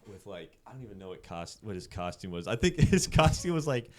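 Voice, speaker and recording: A man's voice: on the low side, big pitch swings, fairly quick. A man in his twenties from central Pennsylvania, a podcast guest telling a story in a loose, casual way with lots of swearing and filler words.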